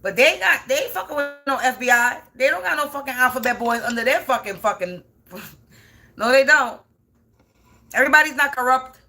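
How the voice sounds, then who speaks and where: An animated, high-pitched woman talks fairly quickly, her voice pushed and bright. As a spiritual reader ranting spontaneously to the camera, she swears and repeats points for emphasis.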